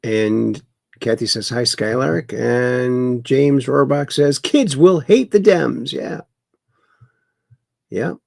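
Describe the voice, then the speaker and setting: A man's voice: medium pitch, slow, vocal fry, a little mellow, dry recording, studio quality. A man hosting a casual livestream, reading viewer comments aloud and mocking the news with chuckles. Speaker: livestream host.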